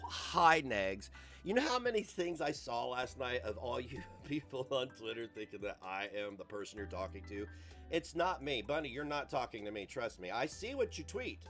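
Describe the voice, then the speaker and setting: A man's voice: fairly high pitch, fairly bright tone. A man hosting a livestream in a casual, rambling rant, profane and self-mocking. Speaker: livestream host.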